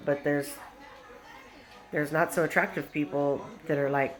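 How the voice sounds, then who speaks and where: A woman's voice: deep voice, normal speed, fairly bright tone. A young woman talking casually to the camera in her home vlog, rambling with stops, restarts and repeated words. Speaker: vlogger. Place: home with noisy roommates.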